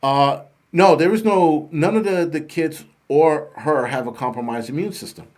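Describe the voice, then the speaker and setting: A man's voice: a little high, moderate pace, darkish tone. A middle-aged man hosting his own channel, telling a story and ranting bluntly with heavy swearing. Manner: profane, heated, blunt storytelling. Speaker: host. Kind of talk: ranting monologue to camera.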